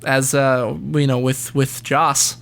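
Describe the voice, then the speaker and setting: A man's voice: mid-range voice, level tone, slow pace, a bit bright, clear, resonant tone. A man talking casually as a guest voice actor, rambling with many restarts and frequent laughs. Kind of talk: casual podcast interview.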